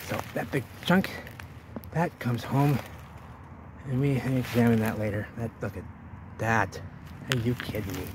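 Rambling excitable man filming outdoors. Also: medium pitch, measured pace, long pauses. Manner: excitable, rambling, thinks aloud. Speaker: vlogger exploring ruins. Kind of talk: casual exploring vlog. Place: outdoors by ruins and a river. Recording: noisy outdoor camera audio.

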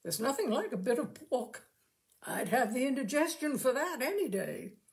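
A woman's voice: sits high, sing-song, normal speed, creaky, pitched above the performer's own voice, exaggerated voice. A woman reading a story aloud and voicing a fat, shrewd, jolly male farmer with folksy country speech. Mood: kindly.

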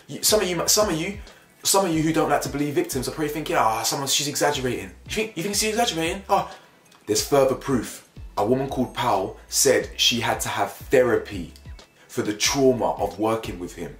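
A young man delivers opinion commentary straight to camera. He is emphatic and repeats himself for effect, and his voice leaps upward when he gets worked up. The sound bounces around a roomy space, with soft music running underneath. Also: medium pitch. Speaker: YouTube commentator. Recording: echoey room with faint music bed.

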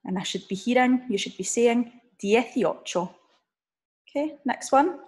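A woman teacher giving a recorded online lesson, drilling numbers slowly and checking in with "okay?" as she explains. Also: a little high, animated, a little mellow. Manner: slow, drawn-out drill of numbers with frequent "okay?" check-ins. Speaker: language teacher.

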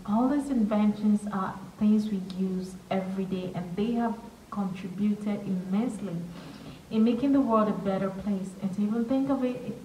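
A woman hosting a reaction video, exclaiming with excitement and earnest emotion as she watches. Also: medium pitch, moderate pace, recorded from a distance, slight background noise. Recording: echoey room, voice a bit off-mic, faint music.

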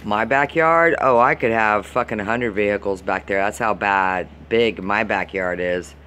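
A man's voice: lowish voice, normal speed, bright, forceful tone, slight background noise. A man from Florida ranting to the camera, swearing constantly and sounding fed up as he complains. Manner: profane, exasperated, heated complaining. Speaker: vlogger. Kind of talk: angry venting rant to camera.

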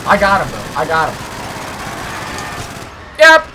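A young man excitedly shouting and joking as he comments on online gameplay with friends. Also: fairly high pitch, slow, slight background noise. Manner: excitable, frequent exclamations and shouts. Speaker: gaming channel host. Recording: music playing underneath.

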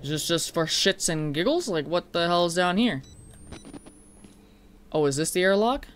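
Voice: mid-range voice, lively intonation, normal speed, slight background noise. A streamer playing a horror game live, chatting and swearing, breaking into shrieks when startled.

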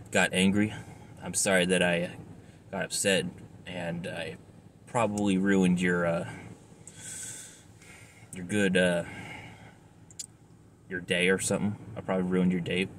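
Tired, rambling low-voiced man. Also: fairly bright tone, slight background noise. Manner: rambling, apologetic, many fillers and restarts. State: tired and stressed. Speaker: cigar reviewer. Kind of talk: casual vlog talk.

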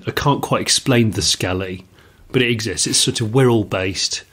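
A man's voice: on the low side, normal speed, a bit bright, breathy edge. A man co-hosting a podcast, chatting casually in a musing, rambling way with frequent restarts. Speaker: podcast co-host. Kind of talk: casual chat.

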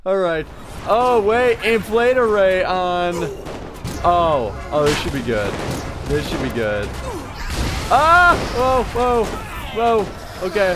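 A man hosting a gaming channel, giving let's-play commentary on a game he is playing. He gets excited easily, yelps, and laughs at what happens on screen. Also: high voice, slow, noisy background. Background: game music and sounds.

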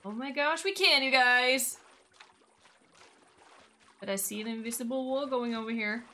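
A woman's voice: a little high, a little slow, sharp tone. A young woman from Norway, chatting casually through her gameplay, gushing and talking to her horse. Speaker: gaming channel host.

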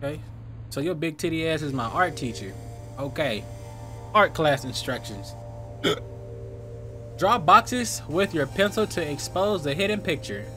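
A man riffs his way through a video game with crude, slang-filled jokes, his voice swinging up and down as he reacts. Loud game music plays underneath him. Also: on the high side, lively intonation, unhurried, long pauses. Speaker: gaming youtuber. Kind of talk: casual gameplay commentary.

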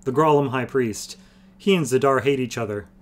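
A man's voice: mid-range voice, normal speed, voice pushed up, lightly acted. A man voicing an ancient, wry old male sorcerer who explains things blandly and patiently. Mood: wry explaining.

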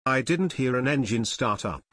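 A man's voice: mid-range voice, lively intonation, normal speed, fairly bright tone, dry recording, studio quality. A man voicing Joe, an eager younger teenage boy detective who talks in a direct way.

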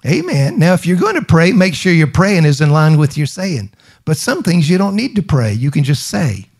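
Emphatic preacher with a higher voice. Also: male voice, sing-song, normal speed, creaky, a little mellow, husky. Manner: emphatic preaching with call-and-response to the congregation; rhetorical questions and repetition. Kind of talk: sermon.

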